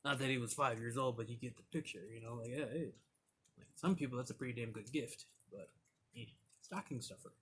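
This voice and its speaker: A man's voice: medium pitch, brisk, fairly bright tone, slight background noise. A young man from Michigan reviewing cigars and telling loose stories, rambling with lots of "like" and "you know". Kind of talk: casual storytelling vlog.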